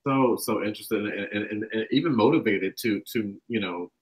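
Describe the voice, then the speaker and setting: A young man from the American South, a guest talking casually about spirituality, rambling and acting out quotes with animated bursts. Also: on the low side, moderate pace, poor audio.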